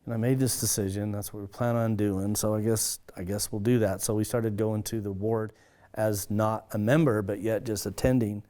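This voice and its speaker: A man's voice: fairly low pitch, flat delivery, mellow. A man, a pastor, earnestly recounting his own story, with frequent restarts and livelier tones when quoting others. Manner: earnest, halting, with many restarts. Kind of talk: personal testimony storytelling.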